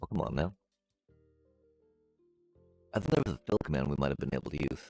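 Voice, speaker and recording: A man streaming a building game, musing aloud to his chat in a relaxed way and making playful beep-boop noises as he works. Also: very deep voice, fast, faint music behind. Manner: chatty, musing aloud, makes beep-boop sound effects. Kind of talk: casual gameplay commentary to live chat.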